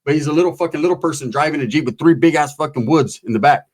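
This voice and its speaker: Husky man telling a crude story. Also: fairly high pitch, quick pace. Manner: crude street slang, animated retelling. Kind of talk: casual comic storytelling.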